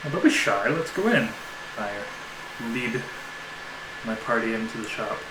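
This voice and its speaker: A man's voice: mid-range voice, expressive, a little slow. A man playing his character in a tabletop game, speaking politely and playfully with many hesitations. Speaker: player. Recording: echoey room with noticeable noise.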